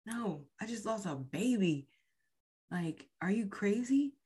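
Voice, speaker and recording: A woman podcast host slowly recounting a painful personal story, halting and often sinking to a near whisper. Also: medium pitch, lively intonation, mellow, slightly rough.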